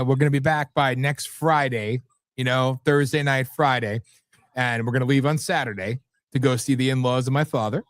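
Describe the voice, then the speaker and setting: A man's voice: medium pitch, a bit bright, no room sound, clean studio sound. A man hosting a live talk show, rambling and blunt, repeating words and swearing freely. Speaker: host.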